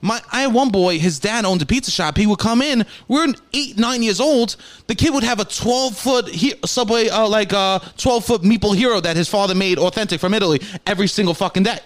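A man's voice: sits high, brisk. A young man from New York, an improv comedian, rambling and swearing casually as a podcast guest.

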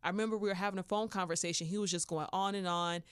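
A woman hosting a podcast, telling a personal story in a casual, animated way with slangy asides. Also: fairly low pitch, rapid-fire, smooth, no echo, clean studio sound. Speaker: podcast host.

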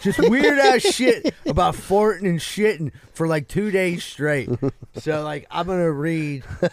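A man's voice: sits high, expressive, unhurried, dry recording. A man telling a long, profane, rambling story on a podcast and laughing at his own jokes. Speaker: podcast co-host. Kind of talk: casual storytelling.

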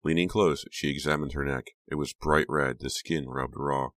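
Man, audiobook narrator, very deep voice, measured reading, dry close recording. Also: steady tone, a bit bright, no echo. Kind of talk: scripted narration.

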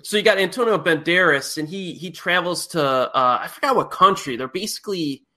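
A man with a fairly high, bright and forceful voice hosts a laid-back film podcast. He rambles happily through plot recaps, circling back and restarting as he goes. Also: animated, brisk. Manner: enthusiastic rambling plot retelling. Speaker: podcast host. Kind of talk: casual movie discussion.

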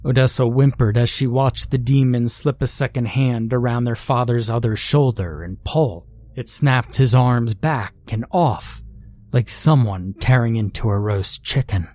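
Dark-voiced male horror narrator. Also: mid-range voice, no echo.

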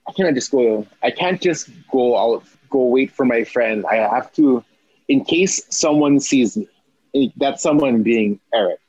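A young man with a husky, slightly breathy voice tells a story about himself, jumping up into frantic acted-out lines and stumbling over repeated words. The sound is dry and a little dull, close to the mic with no room around it. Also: medium pitch, lively intonation, measured pace, darkish tone, dry recording. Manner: acts out his own panicked quotes, stammering repeats. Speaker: athletic trainer guest. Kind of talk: animated storytelling.

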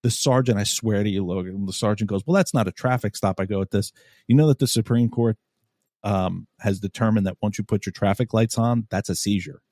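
A middle-aged male podcast host telling a story in casual chat, swearing often and loudly acting out what people said. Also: lowish voice, brisk, dry recording, studio quality. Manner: animated, swears a lot, acts out quotes loudly.

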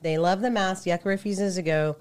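A woman's voice: fairly low pitch, brisk, clean tone. A woman co-hosting a podcast, telling a casual story with plenty of swearing and acted-out voices. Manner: animated storyteller, swears freely, acts out voices. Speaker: podcast co-host.

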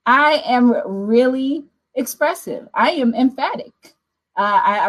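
Emphatic, expressive woman preaching. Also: a little high, low-quality recording. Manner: emphatic and expressive, with asides and laughs. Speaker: prayer watch host. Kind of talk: preaching to an online prayer audience.

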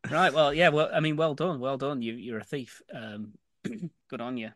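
A man's voice: mid-range voice, a bit bright. A man co-hosting a comedy podcast, reacting with teasing quips in casual chat. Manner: teasing, quick reactions and laughter.

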